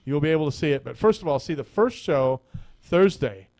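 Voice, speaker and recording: Male radio host, slightly high voice, talkative and loose, studio mic. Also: expressive, fairly quick, darkish tone. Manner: chatty and rambling, laughs often, repeats words. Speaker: radio talk show host. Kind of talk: casual on-air chat, telling a joke.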